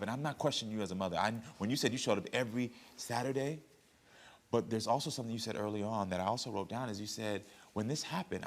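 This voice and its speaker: Low-voiced male talk show host. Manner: calm, probing questions, coaching tone. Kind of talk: daytime talk show mediation.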